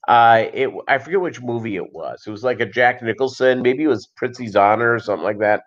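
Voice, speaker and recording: A man's voice: medium pitch, a little fast, muffled recording. A middle-aged man hosting a livestream, telling a long story in a loose, rambling way with many restarts and asides. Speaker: livestream host.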